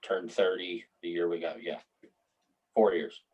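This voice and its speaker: Low husky-voiced man in his thirties. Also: little pitch movement, unhurried, dull audio. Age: 30s. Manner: laid-back, swearing, laughs often. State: recovering from hip surgery. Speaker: podcast co-host. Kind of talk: casual chat.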